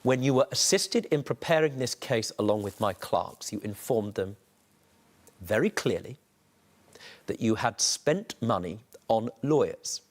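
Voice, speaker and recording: A man's voice: medium pitch, animated, measured pace. A man, a judge on a TV courtroom show, questioning sternly and theatrically.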